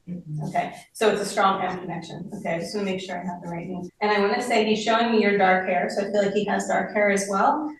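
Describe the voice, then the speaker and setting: A woman medium leading a live group session, speaking gently and tentatively, often trailing off and checking in with her listeners. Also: mid-range voice. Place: community gathering room. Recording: echoey room recorded from far off with faint noise.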